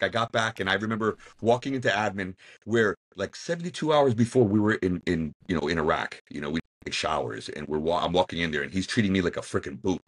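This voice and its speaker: A man hosting an interview, a veteran sharing his own story in quick, lively talk with many restarts. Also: fairly low pitch, husky. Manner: quick, lively, repeats words in starts. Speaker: podcast host, veteran. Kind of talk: casual interview chat.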